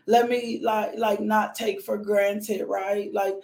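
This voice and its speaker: A hoarse woman hosting a casual morning devotional livestream, praying with repeated thanks and greeting viewers by name. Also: medium pitch, level tone, slow pace, a little mellow, roomy sound. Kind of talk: casual devotional talk and prayer.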